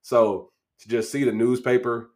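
A man from Kansas City co-hosting a sports podcast, talking in an animated, emotional way with long run-on stretches. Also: medium pitch, a little slow. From Kansas City, USA. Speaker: co-host, draft analyst. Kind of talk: casual sports podcast chat.

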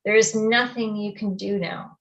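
This is an aunt delivering bad news, measured and grave without breaking down. A woman narrator reads her only a little higher than her own voice. It is read within a spoken personal story. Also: fairly even intonation, gravelly, fairly bright tone, muffled recording. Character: grave, matter-of-fact aunt on the phone.

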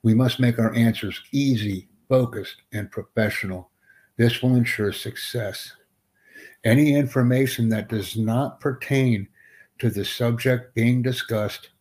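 A man hosting a live-streamed English interview lesson, who speaks slowly and deliberately and sternly corrects a student. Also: medium pitch, darkish tone.

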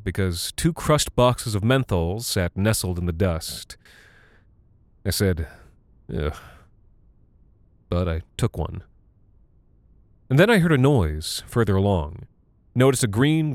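A man narrating a scripted horror story in the first person, with a dry, deadpan delivery. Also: on the low side, no room sound.

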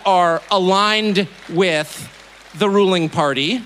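A middle-aged man from the United States addresses a live audience with a bright, forceful, fairly high voice. His pitch swings widely as he lands emphatic points. He drops in dry, mocking asides. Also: moderate pace, a little hiss or hum. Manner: animated, emphatic delivery. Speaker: television host giving a speech. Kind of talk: public speech to a live audience. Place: event hall before an audience.

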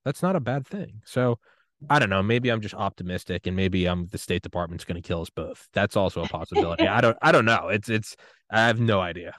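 Low-voiced animated American podcast host. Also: male voice, a little fast, dry recording, clean studio sound. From United States. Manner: animated, excitable, swings to loud outbursts. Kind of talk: casual interview chat.

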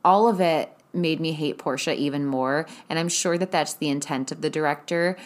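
A young woman recap host with a notably low-pitched voice gives a casual, profanity-laced recap of a TV episode. Her tone is blunt and exasperated, like she's venting straight to her viewers.

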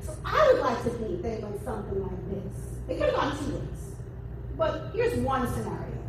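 A woman preaching a sermon at a church women's event, lively and humorous, with playful asides. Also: fairly high pitch, normal speed. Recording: echoey room from far off, noisy.

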